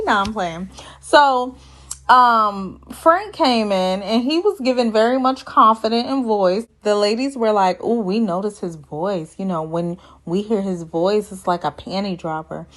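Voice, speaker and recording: A chatty woman with a fairly high voice runs a casual recap of a reality dating show. She is sassy and playful, laughs at her own jokes and slips into put-on voices to quote people.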